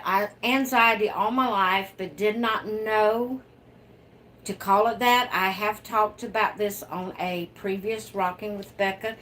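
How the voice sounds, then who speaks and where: A woman's voice: mid-range voice, a bit bright, a little hiss or hum. A woman hosting her own livestream from home, chatting casually and laughing often as she reads out viewer comments. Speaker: livestream host. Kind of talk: casual live chat reading viewer comments.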